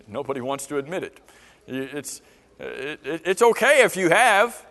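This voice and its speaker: Male Bible class teacher, higher voice, keeps questioning the class; long echo of a church hall. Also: sing-song, unhurried, pushed and bright. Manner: asks the class many questions.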